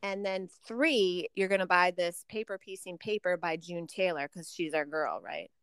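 A woman's voice: fairly low pitch, normal speed, clear, resonant tone, dry recording. Chatty woman podcast co-host, dry sound. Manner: chatty, laughs often, animated. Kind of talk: casual chat.

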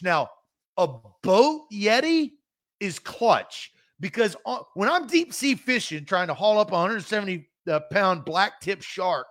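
Brief: male co-host, high voice, casual jokey sports banter. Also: a bit bright. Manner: joking, chatty, with quick asides.

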